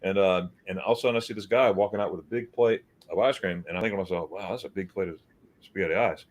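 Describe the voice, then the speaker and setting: Low-voiced man telling a casual story. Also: quick pace. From United States. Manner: storytelling, repeats words, acts out quotes. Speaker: host. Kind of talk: casual livestream chat.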